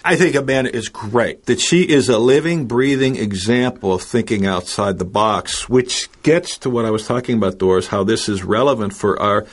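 A man co-hosting a radio panel show, upbeat and animated with a playful streak. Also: lowish voice, normal speed, few pauses.

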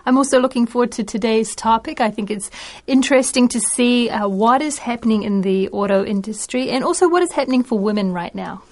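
Brief: New Zealand woman teacher, slightly high-pitched, polite and measured guest on a radio panel.

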